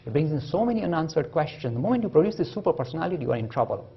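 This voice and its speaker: Man, lecturer, animated storytelling, slightly high voice, dull lo-fi recording. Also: rapid-fire, vocal fry, breathy edge. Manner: lively storytelling, acting out quoted voices. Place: lecture hall.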